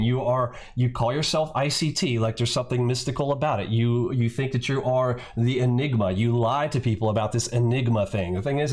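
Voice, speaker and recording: A man hosting a trading channel, delivering an angry, profane reaction rant that mocks and insults, often tacking on "bro". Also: mid-range voice. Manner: profane, mocking, repeats "bro".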